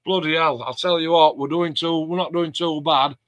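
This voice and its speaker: A man's voice: fairly high pitch, fairly even intonation, moderate pace, fairly bright tone, dry recording, muffled recording. A man hosting a casual live stream, chatting and reading out viewer comments. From England. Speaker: host of a model-building live stream.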